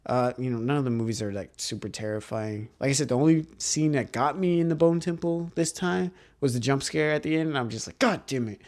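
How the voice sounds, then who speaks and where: A man's voice: mid-range voice, fairly quick, few pauses, a little mellow, no echo. Rambling casual man recapping a movie. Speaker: movie reviewer.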